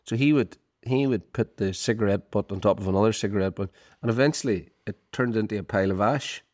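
A man's voice: on the low side, fast, a little mellow, no echo, clean studio sound. A middle-aged Irish man co-hosting a podcast, telling a rambling story with lots of "you know" and chuckles. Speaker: podcast co-host. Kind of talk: casual storytelling chat.

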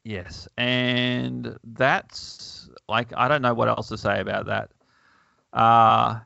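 A man's voice: mid-range voice, little pitch movement, slow, creaky, sharp tone, no room sound. A man hosting a podcast, reading a comic aloud in casual chat, wry and chuckling, with plenty of fillers. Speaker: podcast host. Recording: dull lo-fi, dry.

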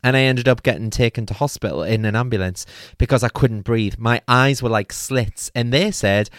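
A man's voice: mid-range voice, normal speed, no echo, clean studio sound. A man, telling a comic personal story in a chatty, swearing way and acting out his own frantic quotes. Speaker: podcast host.

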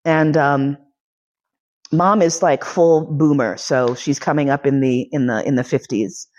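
A woman's voice: low voice, unhurried, a little mellow. A woman in her forties giving a personal storytelling lecture, candid, profane and emotionally charged. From United States. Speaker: lecturer and podcast host.

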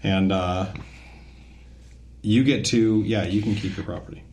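A man's voice: lowish voice, unhurried, slight background noise. A young man hosting a board game podcast, chatting casually and teasing the other players as he explains the rules. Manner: animated, laughing, teasing. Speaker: podcast host.

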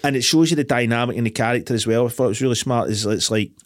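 A man's voice: medium pitch, very fast, dry recording, clean studio sound. A Scottish man hosting a podcast, retelling film scenes in casual chat with plenty of swearing. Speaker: podcast host.

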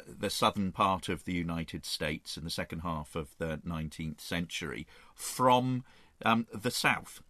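A man's voice: on the low side, sharp tone, dry recording. A man guest explaining history in a rambling, enthusiastic conversational way.

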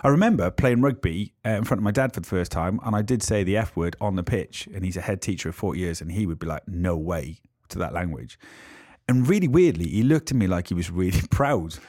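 A man's voice: deep voice, expressive, quick pace, darkish tone, no room sound, clean studio sound. A middle-aged man co-hosting a podcast in casual chat, wry and a bit exasperated. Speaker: podcast co-host.

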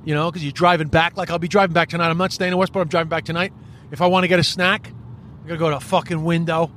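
An Irish man hosting a podcast, ranting in a profane, rambling, animated comic style. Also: on the high side, very fast, slight background noise. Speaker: podcast host. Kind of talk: solo comedic podcast rant.

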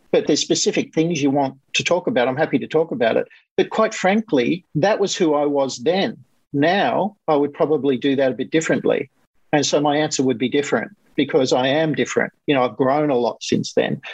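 A man coaching guest telling a client's success story in a lively, conversational way, acting out other people's lines as he goes. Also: fairly high pitch, a little fast, husky, dry recording, lo-fi sound. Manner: animated, quotes others in lively voices.

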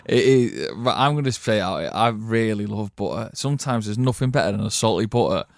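A man co-hosting a casual podcast, relaxed and agreeable, often chiming in with yeah. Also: on the low side, a little fast, creaky, dry recording, studio quality. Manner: easygoing, agreeable, frequent "yeah" backchannels. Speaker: podcast co-host. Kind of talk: casual chat.

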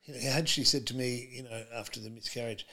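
A middle-aged man rambles through stories, stopping often to restart his sentences. His voice has a gravelly, creaky edge. He sits at a middle pitch and speaks as a podcast guest. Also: steady tone, fast, pushed and bright. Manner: rambling, many fillers and restarts. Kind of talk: casual interview chat.

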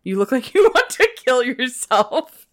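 A woman's voice: sits high, very animated, a little slow. A young woman co-hosting a casual history podcast, talking eagerly about the details she researched. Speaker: podcast co-host.

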